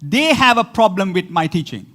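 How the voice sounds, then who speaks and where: A high-pitched man preaches with great animation, hammering words by repeating them. He drops into laughing asides between points, sounding like a pastor delivering a sermon to his congregation. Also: very animated, moderate pace, bright, forceful tone.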